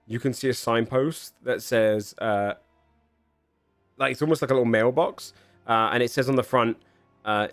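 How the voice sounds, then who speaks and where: A man running a tabletop game, narrating scenes in a rambling, halting way. His voice is mid-pitched and dry, with faint music underneath. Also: no echo. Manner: rambling, many fillers and restarts. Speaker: game master.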